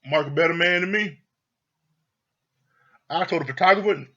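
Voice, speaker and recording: A man's voice: fairly high pitch, expressive, brisk, pauses often, sharp tone, breathy edge, lo-fi sound. Profane, laughing man recapping TV. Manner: blunt, profane, laughing often. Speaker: reality TV reviewer. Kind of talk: casual recap commentary.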